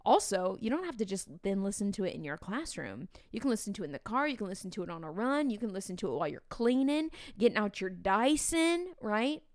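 A woman in her thirties, a teacher hosting a podcast, talking in a chatty, animated way with playful asides to the listener. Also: medium pitch, fairly quick, few pauses, no echo, clean studio sound. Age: 30s. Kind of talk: casual podcast talk.

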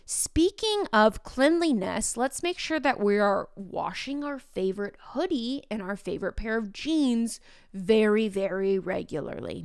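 Teacher-host woman, casual storyteller, a touch of vocal fry, dry close mic. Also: mid-range voice, no room sound. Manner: animated, acts out students' voices in quotes.

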